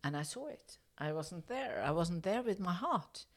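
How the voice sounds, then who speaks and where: In an interview, a middle-aged woman from Norway shares a story in English with a lowish voice at moderate speed. She's hesitant, repeatedly restarting and using fillers, but comes alive when acting out the conversation.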